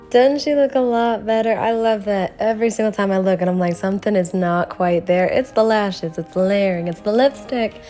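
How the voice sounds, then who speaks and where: A woman narrating her drawing process in a casual vlog, animated and laughing often. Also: mid-range voice. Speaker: art vlogger.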